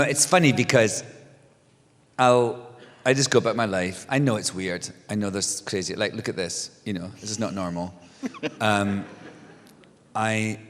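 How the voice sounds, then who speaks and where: A middle-aged man talks loosely and animatedly on stage, starting over and laughing as he goes. His voice sits a little low. The sound carries a long hall reverb. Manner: animated storyteller, restarts, laughs often. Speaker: guest author. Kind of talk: casual onstage conversation. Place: stage before a live audience.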